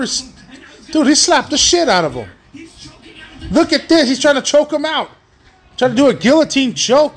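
A man hosting a wrestling watch-along, excitedly calling the action, swearing a lot and shouting at the big moves. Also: very high voice, moderate pace, pauses often, soft background music. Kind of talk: excited live commentary.

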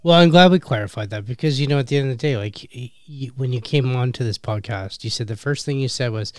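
A man's voice: mid-range voice, fast talker, a little mellow, no room sound, clean studio sound. A man hosting a podcast interview, affirming his guest and fumbling through restarted questions. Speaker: podcast host. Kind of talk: casual interview chat.

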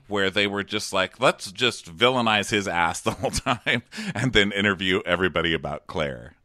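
A man co-hosting a casual podcast, sarcastic and quick to laugh. His voice is bright and lively, rising and falling widely. The sound is dry and close. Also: sits low, dry recording. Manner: sarcastic, animated, laughs often. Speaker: podcast co-host. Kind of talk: casual chat recapping a TV show.

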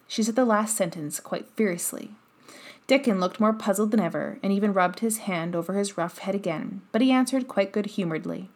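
A woman narrating a children's novel in calm, even storytelling. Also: medium pitch, brisk. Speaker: audiobook narrator. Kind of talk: scripted narration.

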